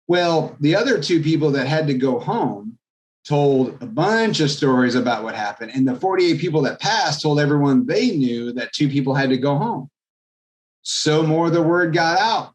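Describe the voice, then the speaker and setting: A man's slightly raised voice carries a lively, drawn-out anecdote. He speaks as a real estate agent and guest in a podcast interview. His manner is that of a natural storyteller. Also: on the high side. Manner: animated anecdote telling, acts out quoted voices.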